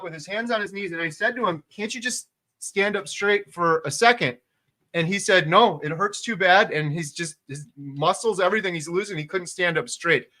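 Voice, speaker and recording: A middle-aged man hosts a casual livestream, his voice higher and brighter than most men's. He tells the story earnestly and plainly, often chiming in. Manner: earnest, matter-of-fact storyteller who chimes in. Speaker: host.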